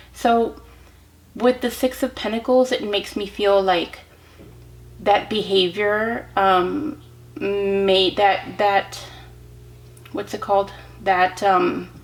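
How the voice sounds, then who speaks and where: Gentle, encouraging woman tarot reader. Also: mid-range voice, low-quality recording. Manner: gentle and encouraging, many ums and restarts; speaks directly to the viewer with frequent "okay?". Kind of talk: pick-a-card tarot reading to camera.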